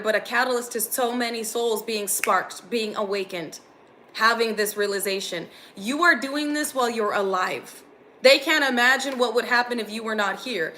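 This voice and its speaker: A woman's voice: on the high side, pushed and bright, slight background noise. A young woman giving an earnest, intense channeled spiritual reading to her viewers. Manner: earnest, intense, gets emotional. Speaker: spiritual reader.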